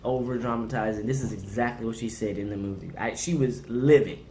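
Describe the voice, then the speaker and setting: Woman, very low pitch, lively intonation, teasing film reviewer, roomy recording. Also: fairly quick. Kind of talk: casual review chat. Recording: echoey room, faint noise.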